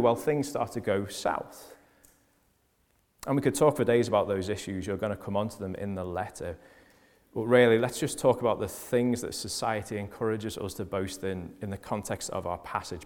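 A man with a Liverpool accent preaching a sermon, stressing key phrases loudly and dropping to quieter asides. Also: mid-range voice, big-room sound. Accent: Liverpool (Scouse). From Liverpool, England.

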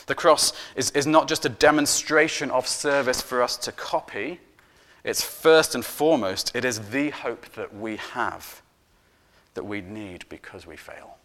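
Earnest male preacher delivering a sermon. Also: medium pitch. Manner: earnest, emphatic, with repeated words; swings from loud emphasis to soft, hushed endings.

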